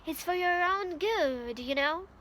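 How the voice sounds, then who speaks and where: Woman doing mischievous poltergeist, male, sing-song taunting, very high, bright. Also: lively intonation, takes it slowly, a little hiss or hum, full character voice. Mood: gleeful taunting.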